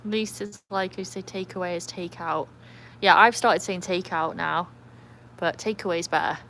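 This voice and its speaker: A woman's voice: on the low side, steady tone, normal speed, fairly bright tone, slight background noise. Chatty English woman on a livestream. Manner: chatty, rambling, reads viewer comments aloud. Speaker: livestream host with a trick dog. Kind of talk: casual live-stream chat.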